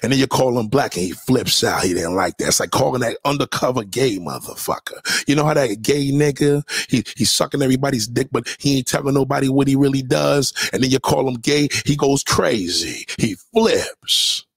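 A man giving heated, profane reaction commentary on a clip, mocking and now and then breaking into sudden loud outbursts. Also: mid-range voice, fairly quick, hardly any pauses, husky, no echo.

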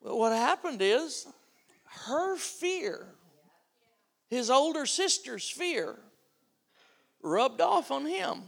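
A man's voice: extremely high pitch, very animated, drawn-out words, creaky, pauses often, a bit bright. An older man preaching a sermon, telling a family story and acting out the voices of the people in it.

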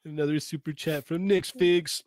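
A man's voice: on the high side, fairly even intonation, normal speed, darkish tone, no echo, studio quality. A man co-hosting in casual chat, easygoing and chatty, reading out viewer messages. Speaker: co-host reading super chats.

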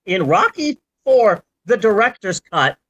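A man chatting about films on a podcast, his pitch leaping all over as he rants. He jokes, swears and builds up to outbursts, with everyday energy in between. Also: unhurried, vocal fry, no echo, dull audio. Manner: animated, ranting and joking, with swearing outbursts. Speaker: podcast host. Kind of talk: casual movie chat.

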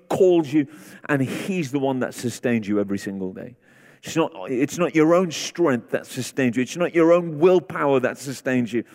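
A man's voice: fairly high pitch, a little mellow. A man preaching a sermon as guest preacher, repeating short declarations that build in intensity. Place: large church sanctuary. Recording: long reverb of a large hall.

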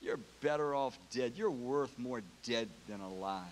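A man's voice: medium pitch, measured pace, big-room sound, a little hiss or hum, pitched below the performer's own voice, natural voice, low-quality recording. A man voicing a greedy, mocking old rich man in a retold story.

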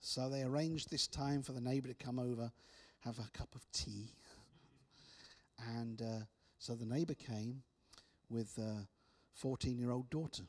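Male preacher, storytelling testimony, drops to hushed tones. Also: medium pitch, fairly even intonation, a little slow. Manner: storytelling with repeated restarts, soft dramatic drops. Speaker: speaker.

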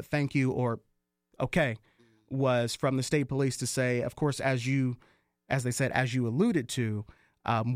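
A man hosts a news talk show with a measured, deliberate delivery, filling his pauses with frequent ums. His voice sits at an ordinary middle pitch. The sound is dry and close, with no room around it. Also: no echo. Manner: measured, many filler ums. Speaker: host.

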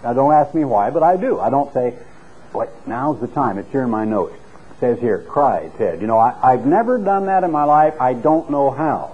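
A middle-aged man preaching a sermon with an earnest, storytelling delivery that climbs in pitch when he stresses a point. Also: expressive, moderate pace, husky. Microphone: clip-on microphone. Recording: tinny phone-like radio recording.

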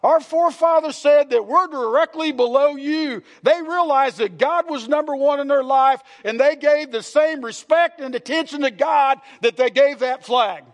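A man's voice: very high-pitched, normal speed, hardly any pauses. A man, a pastor preaching a sermon to his congregation, earnest and repetitive, asking the room questions. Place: church sanctuary.

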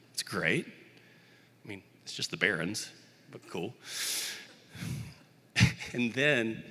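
A man's voice: fairly low pitch, bright, forceful tone, in a large hall. A young man from the Birmingham, Alabama area preaching a sermon in a conversational, self-deprecating way.

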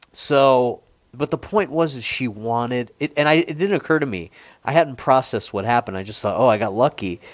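A man's voice: medium pitch, no echo. Profane rambling man in his forties. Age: 40s. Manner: rambling, profane, frequent restarts. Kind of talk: casual storytelling.

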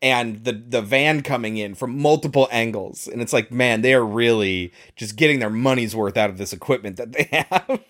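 A man's voice: mid-range voice, moderate pace, hardly any pauses, fairly bright tone. A man co-hosting a casual podcast chat, wryly breaking down a film's flaws and often laughing. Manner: wry, explanatory, laughs often. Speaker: podcast co-host. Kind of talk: casual chat reviewing a film.

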